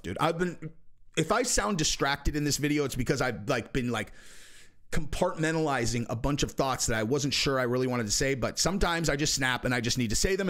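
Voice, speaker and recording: A man ranting on his own commentary channel, blunt and exasperated. His voice sits somewhat high for a man. He keeps hammering the same rhetorical questions and sometimes jumps up to a shout. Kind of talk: animated commentary rant.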